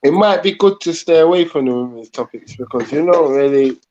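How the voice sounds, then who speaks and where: A man jeering at the guest on a live online panel, his remarks dismissive and insulting. His voice sits high for a man and comes through a dull, lo-fi line. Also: lively intonation, fairly quick, noisy background. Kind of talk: heated live panel argument. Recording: dull lo-fi call audio.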